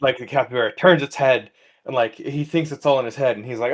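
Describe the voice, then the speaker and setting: A young man co-hosting a comedy podcast, telling an absurd story in halting, rambling bursts. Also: medium pitch. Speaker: podcast co-host. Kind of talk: casual comedic chat.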